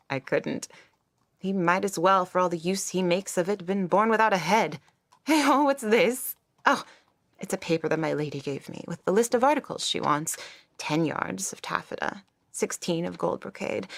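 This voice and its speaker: A haughty young maidservant who looks down on everyone, as a woman acts her out in a stage play. The voice sits low and a little gravelly, with a mocking edge. It is recorded close and dry. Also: dry recording. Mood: scornful. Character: vain, scornful young female maidservant.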